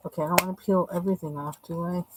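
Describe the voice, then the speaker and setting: Against a noisy background, a woman with a lowish, fairly even voice talks rapid-fire while coloring live on stream. Her casual chatter rambles and hesitates, filled with fillers.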